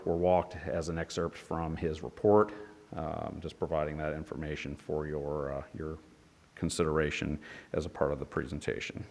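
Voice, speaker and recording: A man presenting an engineering report at a public hearing, with many fillers and restarts. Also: extremely low pitch. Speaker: engineer presenting a development project. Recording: long reverb in a hearing room.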